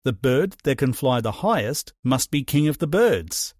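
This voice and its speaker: A man voicing a tiny, clever male wren in a storybook, cheeky and quietly sly. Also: mid-range voice, big pitch swings, a little slow, no room sound, studio quality.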